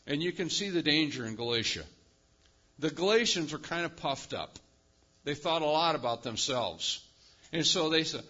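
Male pastor preaching, punchy and emphatic, big loud highs and quiet lows, kinda muffled lo-fi sound. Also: moderate pace. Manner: emphatic, animated preaching with sudden rises and quiet drops. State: lives with chronic pain. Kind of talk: sermon.

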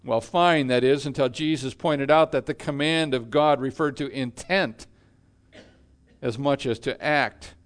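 A male pastor preaching a sermon in a measured way, letting his voice fall quiet at the ends of phrases. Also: mid-range voice, smooth.

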